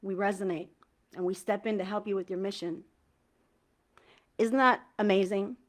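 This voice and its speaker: A woman tarot reader talking casually to her viewers about spiritual home cleansing, earnest and enthusiastic, with slangy asides and slow, heartfelt prayer recitation. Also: mid-range voice, fairly even intonation. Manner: recites prayer lines slowly with feeling. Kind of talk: casual spiritual talk to camera.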